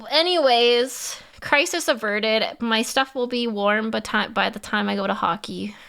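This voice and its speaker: A woman's voice: fairly high pitch, unhurried, vocal fry, fairly bright tone. A woman chatting casually on a livestream, laughing often and answering her chat. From Canada.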